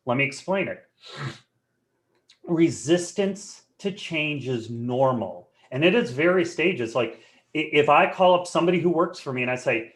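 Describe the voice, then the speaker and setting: A man presenting a live webinar in a joking, conversational and animated way. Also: a little high, moderate pace.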